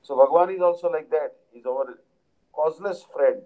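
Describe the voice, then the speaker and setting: Man giving a slow devotional talk. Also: a little high, warm tone, poor audio. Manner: repeatedly asks "Understand?" to listeners; unhurried, explanatory, with frequent fillers. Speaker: spiritual teacher. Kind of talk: devotional lecture.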